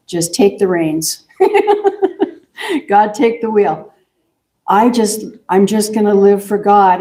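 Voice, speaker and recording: Woman minister, unhurried sermon voice, warm and soft, chatty with easy laughs. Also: medium pitch. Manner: gentle, chatty, laughs often. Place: church sanctuary.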